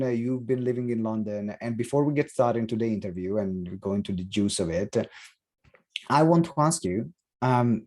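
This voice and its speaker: A man with an Italian accent hosting a podcast, talking with many pauses and fillers. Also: medium pitch, darkish tone. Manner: halting, frequent fillers. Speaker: podcast host. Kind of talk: podcast interview. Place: London.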